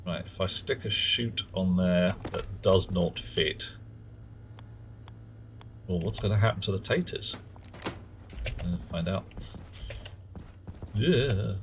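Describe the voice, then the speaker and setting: A man's voice: low-pitched, slow, pauses often, a little hiss or hum. A man streaming a game live, chatting casually and muttering at in-game objects.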